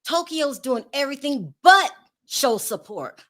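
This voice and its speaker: A woman's voice: high voice, sing-song, a little slow, sharp tone. A woman hosting a celebrity gossip livestream, giving blunt opinions, laughing often and talking to her chat. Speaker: host.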